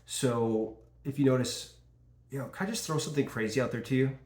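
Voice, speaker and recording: A man's voice: mid-range voice, brisk. A man coaching insurance sales, talking casually and acting out lines from calls. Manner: casual, animated, acts out call dialogue. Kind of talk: sales training talk. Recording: echoey room.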